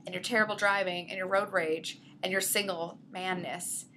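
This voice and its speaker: A woman's voice: on the low side, moderate pace, slight background noise. A woman co-hosting a casual podcast, telling a story and acting out the quoted lines in shifting voices. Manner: animated, acts out quotes with shifting voice. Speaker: podcast co-host.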